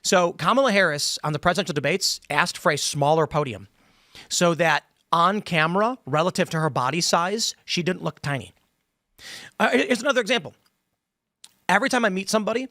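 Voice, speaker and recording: A man's voice: high-pitched, a little fast, sharp tone, no room sound. A man hosting a panel podcast, opinionated and explanatory, talking at length around a studio table. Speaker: podcast host. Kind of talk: casual panel discussion. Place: studio table with other hosts.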